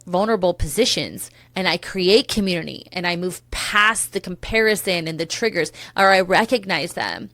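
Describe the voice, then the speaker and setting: A woman's voice: medium pitch, a bit bright, no echo. A woman in her thirties hosting a solo podcast, talking candidly and emotionally, swearing casually and drifting into tangents. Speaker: podcast host.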